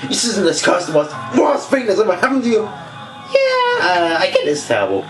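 A man's voice: high voice, very animated, moderate pace, roomy sound, over music. A man voicing a gloating evil spirit trapped in a box, taunting and cackling as he reads game dialogue aloud. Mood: mocking.

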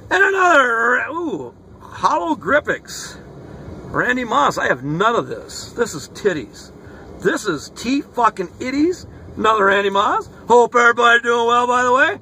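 A man opening sports card mail in his car, talking in an excitable, profane, hollering way. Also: very high voice, a little slow, breathy edge. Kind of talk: casual card-opening vlog. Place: inside a car. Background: rock music playing faintly.

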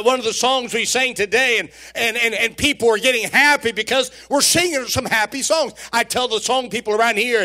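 A man's voice: very high-pitched, bright, forceful tone. A man preaching a sermon in a church, telling folksy stories, joking with the congregation and often repeating his words. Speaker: pastor. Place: church sanctuary.

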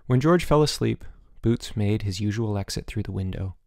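A man reading a children's novel aloud as an audiobook narrator, expressive and giving each character a voice. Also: on the low side, moderate pace, vocal fry, no echo, clean studio sound. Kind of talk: scripted narration.

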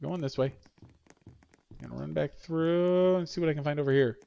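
A man's voice: fairly high pitch, normal speed, gravelly, mellow. A middle-aged man hosting a game livestream, chatting upbeat with viewers and cheering on players. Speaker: livestream host. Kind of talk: casual gameplay commentary. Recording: slightly dull lo-fi audio with faint game music.

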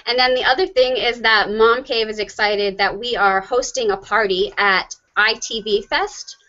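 A woman with a fairly high voice hosting a live online chat show. She talks in a chatty, rushed way, and the recording sounds dull and lo-fi. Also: fairly even intonation, sharp tone. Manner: chatty, rushes through announcements. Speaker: host.

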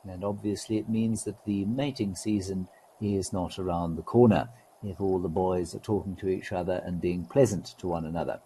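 A man hosting a live wildlife stream, talking in a relaxed, gently wry way and greeting viewers. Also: low voice, moderate pace, a little hiss or hum, rough recording.

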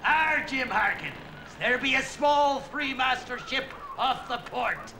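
A man putting on an excitable old sailor who reports to his captain, shouting in old-fashioned sea talk. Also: very high voice, slow pace, noisy background, voice pushed up. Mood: excited.

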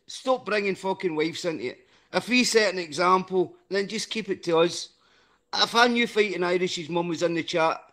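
High-voiced man urging calm. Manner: persuasive, peacemaking, frequent "right?". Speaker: live stream panelist. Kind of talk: casual live-stream discussion.

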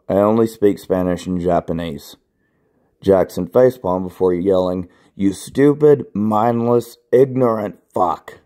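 Young man, low pitch, mellow dark tone, deadpan, reading absurd fanfiction. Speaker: fanfiction author reading his own story.

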